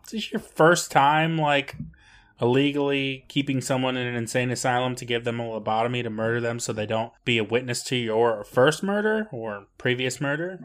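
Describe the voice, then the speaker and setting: A man's voice: mid-range voice, normal speed. A man co-hosting a podcast, reacting in casual chat with wry, incredulous remarks. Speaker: podcast co-host.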